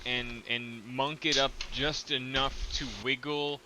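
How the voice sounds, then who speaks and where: A man narrating a tabletop game as game master, relaxed and full of ums and uhs. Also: medium pitch, slow pace, a little hiss or hum, low-quality recording.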